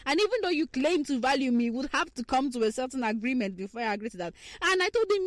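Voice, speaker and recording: A young woman hosting a casual talk on relationships, swinging between hushed asides and heated rants. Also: sits high, sing-song, quick pace, few pauses, no room sound. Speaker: podcast host.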